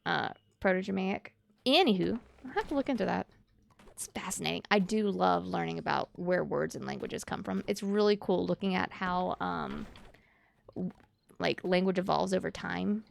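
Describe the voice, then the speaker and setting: A woman's voice: fairly low pitch, normal speed, creaky, a little hiss or hum. A woman from Louisiana chatting with her stream chat while she plays a game, musing and reading comments aloud.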